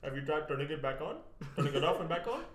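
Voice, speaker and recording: A man's voice: fairly high pitch, animated, fast, natural voice. A man voicing an impatient male tech support worker in a put-on accent, in a roomy recording. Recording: roomy echo, faint noise.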